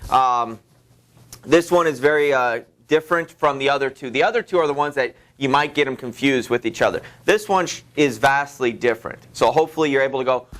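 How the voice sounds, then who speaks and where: A man teaching a high school literature class in a loose, rambling way, full of fillers and restarts. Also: brisk, a bit bright. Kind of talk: classroom lecture.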